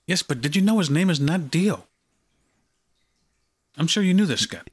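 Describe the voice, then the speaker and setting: A man co-hosting a casual podcast, making wry asides with soft laughs. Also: fairly high pitch, lively intonation, normal speed, slightly rough. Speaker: podcast co-host. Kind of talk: casual chat.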